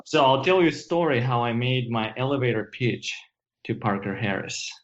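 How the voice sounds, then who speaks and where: A man with a Russian accent, a guest on a podcast, talking casually with halting restarts and dry humor. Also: mid-range voice, animated, highs cut off. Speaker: product manager guest.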